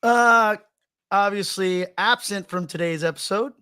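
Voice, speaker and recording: A man's voice: sits high, a little slow, bright, forceful tone, smooth. A man co-hosting a podcast in casual chat, loose and joking, often restarting his sentences. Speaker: podcast co-host.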